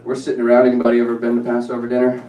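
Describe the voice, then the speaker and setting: A middle-aged man doing a stand-up set, animated and jokey, with quick asides to the audience. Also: medium pitch, highs cut off, very noisy. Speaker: stand-up comedian. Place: comedy club stage. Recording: echoey club, distant mic, crowd.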